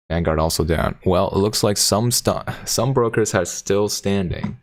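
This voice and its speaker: Male streamer, low voice, casual and playful, reads chat comments aloud. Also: normal speed, few pauses. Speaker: livestream host reading chat.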